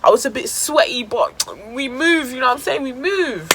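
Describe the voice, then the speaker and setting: A woman's voice: high voice, lively intonation, normal speed, background noise. A woman telling a dramatic story in casual slang for her vlog. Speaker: vlogger.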